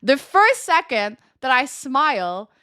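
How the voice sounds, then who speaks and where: A young woman with a slightly high voice and a light lisp from a retainer tells stories to her stream viewers. She rambles and giggles through them, with plenty of ums and likes. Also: very animated, takes it slowly, sharp tone, clean tone. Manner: giggly, rambling storytelling with many fillers. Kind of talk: casual chat to stream viewers.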